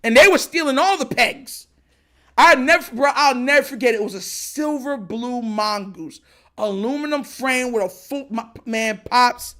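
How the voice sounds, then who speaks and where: Man, casual livestream storyteller, bright forceful tone, slangy. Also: very high-pitched, normal speed. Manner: animated, slangy, talks to chat. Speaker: livestream show host.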